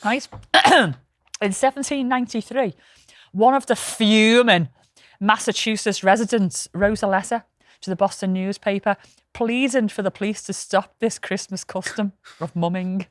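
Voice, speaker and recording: A woman chatting on a podcast, swearing freely as she spins her stories. Her voice is mid-pitched and the recording is close and dry, with no room sound at all. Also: moderate pace, dry recording. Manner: swearing, storytelling, lively anecdotes. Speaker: podcast co-host. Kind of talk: casual podcast chat.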